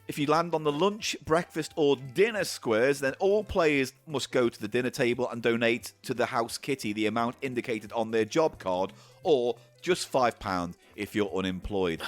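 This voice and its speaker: A man co-hosting a comedy podcast, sweary and dry, reading out board game rules. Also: medium pitch. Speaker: co-host. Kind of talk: casual comedy podcast chat.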